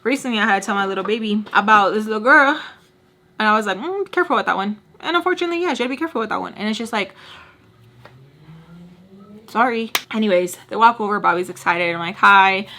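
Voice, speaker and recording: A woman with a bright, forceful voice tells a story to her viewers. She rants in a chatty, animated way, drops "like" all through her sentences, and switches into the voices of the people she quotes. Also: medium pitch, fast talker, pauses often, slight background noise. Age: adult with a son and husband. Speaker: beauty vlogger. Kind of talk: casual storytime rant.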